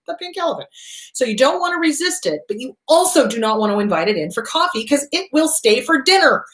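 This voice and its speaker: A woman's voice: on the high side, sing-song, quick pace, a bit bright. A woman therapist hosting an advice talk, blunt and profane, hammering points home with emphatic repetition. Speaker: therapist and show host. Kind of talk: direct-to-camera advice talk.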